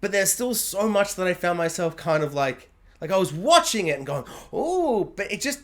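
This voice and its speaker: A man's voice: high voice, animated, fairly quick, a bit bright. A man giving a casual spoken TV review, rambling along and filling his talk with "like". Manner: rambling, heavy on "like" fillers.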